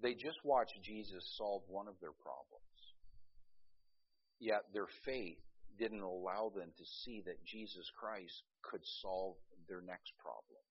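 A male pastor preaching a sermon, swinging between loud urgency and quiet intensity, with folksy asides and frequent restarts. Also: deep voice, takes it slowly, husky, highs cut off.

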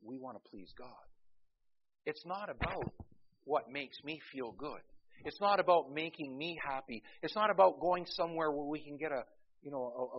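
A male pastor with a slightly husky voice delivers a sermon. He leans on humorous stories and keeps calling out to the congregation for amens. The recording sounds dull and lo-fi. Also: mid-range voice.

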